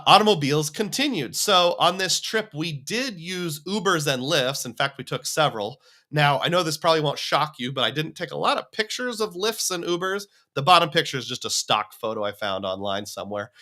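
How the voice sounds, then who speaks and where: A man's voice: on the high side, expressive, brisk, pushed and bright. A man hosting a livestream, talking casually and rambling as he reads viewer comments. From United States. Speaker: livestream host.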